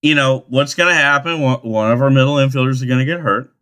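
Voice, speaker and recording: A man's voice: medium pitch, quick pace, bright, forceful tone, smooth. A man hosting a podcast, chatting casually about baseball with profane, teasing, rambling talk. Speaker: podcast host. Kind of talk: crude casual chat.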